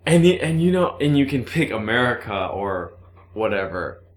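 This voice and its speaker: A man's voice: mid-range voice, very animated, normal speed. A man in casual, crude banter, blunt and profane, laughing a lot.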